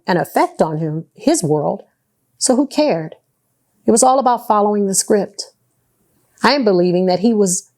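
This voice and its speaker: Woman gravel-edged first-person testimony, pointed, sarcastic, earnest. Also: medium pitch, mellow. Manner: indignant, sarcastic, deliberate; faith-filled, earnest.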